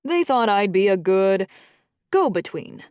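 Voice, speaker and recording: A woman voicing a booming, playful middle-aged male dragon-shifter uncle who teases and scolds. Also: big pitch swings, measured pace, darkish tone, smooth, dry recording, studio quality. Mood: scolding. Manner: teasing, scolding.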